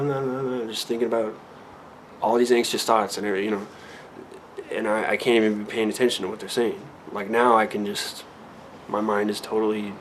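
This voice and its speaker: A man in his thirties with a lowish voice vlogs candidly from a room at home, with slight background noise. He is reflective and rambling, restarting often and using many fillers.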